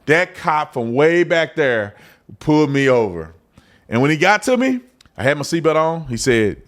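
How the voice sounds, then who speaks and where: A man who is a former police officer, telling a personal story in a colloquial, animated way and acting out what people said. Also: moderate pace. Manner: colloquial, animated, acts out quotes with big pitch jumps.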